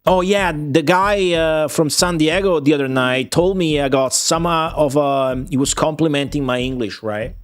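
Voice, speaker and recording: A man's voice: on the high side, moderate pace, hardly any pauses, dry recording. Profane, rambling male game streamer. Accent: slight Midwestern with a touch of Australian. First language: Italian. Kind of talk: live gameplay commentary with chat.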